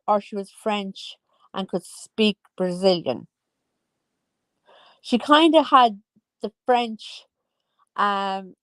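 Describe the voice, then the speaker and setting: A woman's voice: medium pitch, dry recording. A woman in her forties giving casual, teasing gossip commentary as a vlogger. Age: 40s. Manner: chatty, teasing, sing-song asides.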